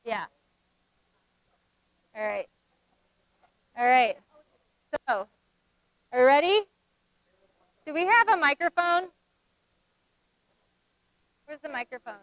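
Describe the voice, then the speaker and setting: A woman facilitating a workshop, running a group acting game with brisk, directive instructions. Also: high voice, sing-song, fairly bright tone, no echo.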